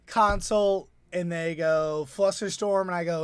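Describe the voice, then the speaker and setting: A man with a slightly raised speaking voice chats through a casual breakdown of his tournament games. He's excitable and rambling, tossing in quick asides. The sound is close and dry, with no room echo. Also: high voice, smooth. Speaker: tournament organizer and player.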